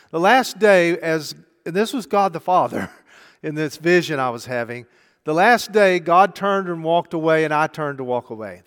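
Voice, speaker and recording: A middle-aged man preaching a sermon, telling a story conversationally and moving between hushed and loud delivery. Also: high-pitched. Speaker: pastor. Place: church sanctuary. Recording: long church hall reverb.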